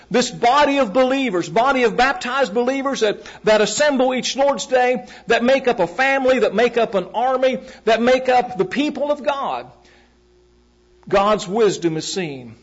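A high-voiced man preaches a sermon at a measured pace, repeating key phrases for emphasis and putting direct questions to the congregation. The recording is muffled and lo-fi.

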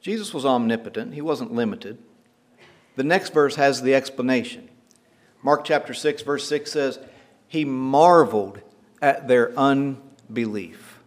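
A man preaching a sermon, teaching through scripture, reading verses slowly and dramatically and asking rhetorical questions. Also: medium pitch. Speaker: pastor. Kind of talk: expository sermon.

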